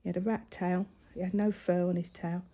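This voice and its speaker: This woman's lowish voice is dark and level, moving a little fast. Colouring as she goes, the crafting vlogger, who has a grown daughter, chats and rambles through a personal story, often dropping to a near-whisper.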